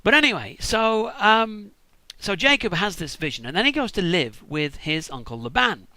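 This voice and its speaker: A man's voice: high voice, big pitch swings, normal speed, pushed and bright, no room sound. A British man rambling through a crude, irreverent comic Bible retelling at home. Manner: profane, rambling, irreverent asides. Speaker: storyteller.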